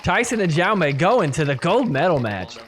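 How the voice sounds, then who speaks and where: A man with a slightly higher voice talks through match replays in casual play-by-play commentary. He stays relaxed between points, then his voice jumps up when a rally gets wild. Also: moderate pace. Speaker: podcast host recapping matches. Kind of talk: play-by-play video recap commentary.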